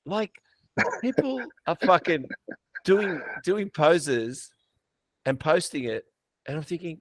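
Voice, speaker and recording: A man hosting a podcast in casual chat, blunt, swearing and animated as he tells stories. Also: fairly high pitch, slow pace, pauses often, no room sound. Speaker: podcast host.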